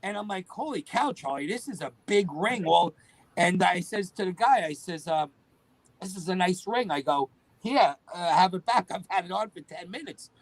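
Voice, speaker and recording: A middle-aged man, a guest telling lively stories and acting out the dialogue. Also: high-pitched, normal speed, no echo, poor audio. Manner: animated storyteller acting out quoted dialogue. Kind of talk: storytelling interview.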